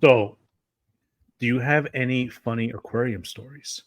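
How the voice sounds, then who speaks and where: A man hosting a casual chat, easygoing and relaxed as he tells stories. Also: medium pitch, unhurried, dry recording.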